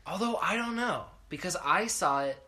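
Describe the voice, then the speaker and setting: A man's voice: high voice, expressive, moderate pace, over a noisy crowd. A young man co-hosting a podcast in casual chat, rambling and correcting himself as he goes. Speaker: podcast co-host.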